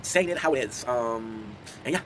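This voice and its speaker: A man's voice: mid-range voice, lively intonation, moderate pace, a bit bright, slight background noise, rough recording. A man in his twenties, a content creator, chatting casually to his viewers and telling rambling stories, laughing often. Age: 20s. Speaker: content creator streaming to chat.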